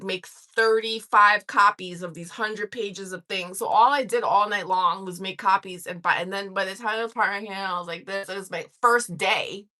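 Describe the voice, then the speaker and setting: A woman in her forties telling a lively, profane story on a livestream, laughing as she goes. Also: medium pitch. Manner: profane and animated, laughing through stories. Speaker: livestream host. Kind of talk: casual storytelling.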